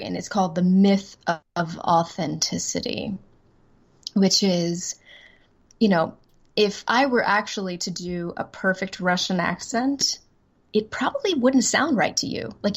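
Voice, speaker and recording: A woman voice actress from the American South, chatting as a guest in a casual interview, self-deprecating and quick to laugh. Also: medium pitch, husky. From Southern United States.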